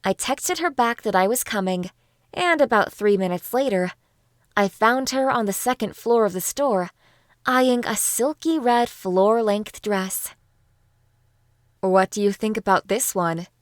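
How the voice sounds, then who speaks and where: A woman narrating a first-person audiobook in a calm, even storytelling manner. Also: on the high side, measured pace, no echo, clean studio sound.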